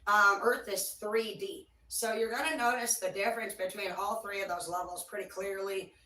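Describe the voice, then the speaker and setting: A woman's voice: mid-range voice, fairly even intonation, normal speed, bright, forceful tone, recorded from a distance. A woman giving a casual tarot reading, blunt and rambling, swearing freely. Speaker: tarot reader. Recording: echoey room, voice away from mic.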